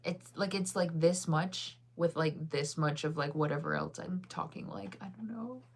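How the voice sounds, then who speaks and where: A woman's voice: low-pitched, fairly even intonation, moderate pace. A woman in her thirties with a faint Midwestern American accent, chatting casually with viewers in a rambling way, full of fillers and laughter. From United States. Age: 30s. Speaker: streamer answering viewer chat. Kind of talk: casual chat.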